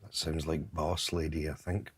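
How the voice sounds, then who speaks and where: A man's voice: rumbling low, fairly even intonation, normal speed, breathy edge. A man co-hosting a casual live stream, making dry, teasing remarks.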